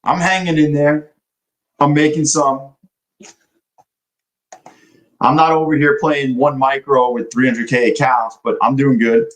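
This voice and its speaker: A man's voice: medium pitch, flat delivery, measured pace, long pauses, poor audio. A young man day trading live, chatting loosely with his stream viewers and swearing now and then. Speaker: livestream day trader. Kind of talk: casual live-stream chat.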